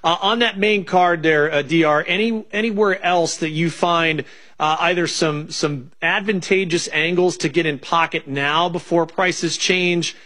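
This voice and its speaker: A man's voice: on the high side, fairly even intonation, a little slow, bright, forceful tone. A man hosting a betting show, asking loose, filler-filled questions to set up picks. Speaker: show host.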